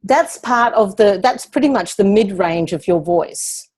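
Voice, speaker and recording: A female speaking coach lays out her ideas calmly and deliberately, teaching with patience as if in a Q&A session. Her speaking voice is lowish, rounded, and resonant, with a slightly rough texture.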